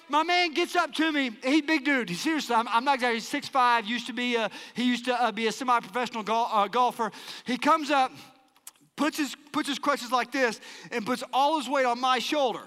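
A male pastor telling a story in a sermon with animated, self-mocking humor in a large church auditorium. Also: very high-pitched, fairly quick, in a large hall.

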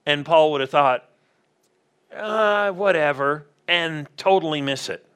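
A man's voice: fairly high pitch, fairly even intonation, moderate pace, a bit bright, clear, resonant tone. A man preaching a conversational sermon in a church, often asking the congregation questions. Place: church sanctuary.

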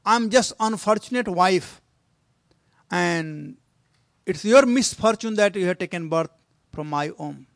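A man voicing a gentle, grieving mother queen who speaks softly and consolingly. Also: high-pitched, expressive, unhurried, gravelly, long pauses, no room sound, studio quality, full character voice. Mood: resigned. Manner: soft, consoling.

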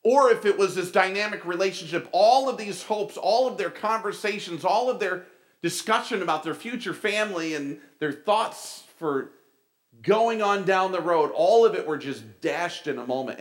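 A male pastor delivering a sermon with a voice pitched a little high for a man. He tells stories with animated delivery and turns to the congregation with casual asides. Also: normal speed.

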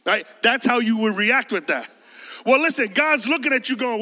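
A man preaching a sermon in a lively way, acting out voices and speaking straight to the congregation. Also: very high-pitched, normal speed. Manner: animated, acts out quoted voices, addresses the congregation as y'all. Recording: reverberant hall.

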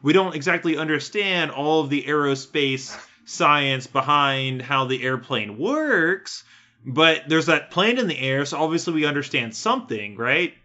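Male podcast co-host, bright and profane, muffled lo-fi sound. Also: fairly high pitch, animated, measured pace. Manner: profane, wisecracking. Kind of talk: casual chat.

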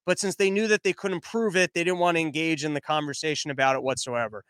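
High-pitched man musing in a rambling way. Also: fairly even intonation, fast talker, clear, resonant tone, no room sound. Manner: rambling, thinking out loud with crude humor. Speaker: podcast host. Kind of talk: casual political commentary.

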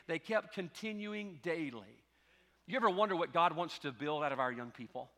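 A man preaching a sermon as pastor, telling a story and swinging from hushed asides to loud exhortation. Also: sits high, expressive, moderate pace. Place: church sanctuary. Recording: long church hall reverb.

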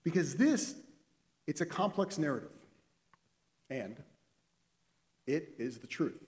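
Animated man preaching in a reverberant hall. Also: on the high side, slow pace. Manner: animated storyteller, acts out the characters' lines. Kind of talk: sermon with a told story.

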